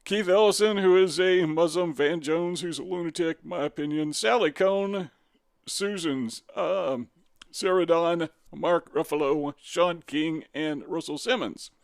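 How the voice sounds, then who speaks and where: A man's voice: on the high side, unhurried, gravelly, no echo, studio quality. A man reading from a web page and commenting on it, sarcastic and combative, firing off rhetorical questions.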